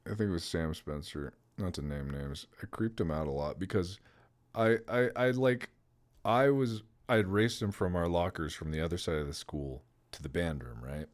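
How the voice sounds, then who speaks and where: A man chatting on a stream, telling animated stories and mimicking the people in them. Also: low voice, normal speed. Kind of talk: casual chat on a sleepy stream.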